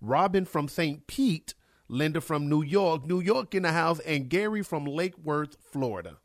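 A man's voice: a little high, expressive, unhurried. A man screening calls on a radio show, announcing the callers in an upbeat, informal way. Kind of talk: casual radio chat.

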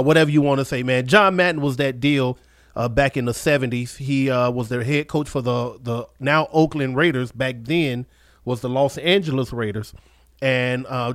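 A man's voice: mid-range voice, no room sound, clean studio sound. A man co-hosting a talk radio show, speaking casually with many hesitations. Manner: hesitant, lots of "uh" while recalling.

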